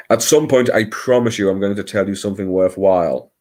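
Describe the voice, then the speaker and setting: A man's voice: on the low side, a little fast, few pauses, mellow. A man hosting a late-night livestream, chatting casually in a rambling, self-deprecating way with many hesitations, talking into his computer mic at home. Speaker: livestream host.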